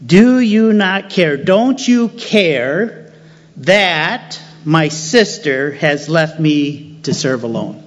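A man's voice: fairly high pitch, animated, slow pace, hardly any pauses, a bit bright, dull audio. A man voicing Martha, an exasperated woman who pleads with her master and repeats the question with rising emphasis.

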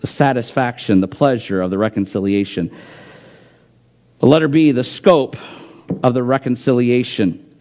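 A man's voice: medium pitch, normal speed, long pauses, warm tone, dull audio. A man preaching a sermon, reading scripture aloud and repeating phrases for emphasis in an earnest pulpit manner. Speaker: pastor.

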